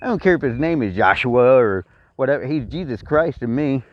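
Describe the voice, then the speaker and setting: A man's voice: medium pitch, expressive, brisk, no room sound. A middle-aged Texan man rants with blunt, profane repetition. His delivery is that of someone airing grievances alone to a camera. The sound is dry and somewhat dull, like a cheap recording. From Texas. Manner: blunt and profane, repeats himself. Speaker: vlogger. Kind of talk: angry personal rant.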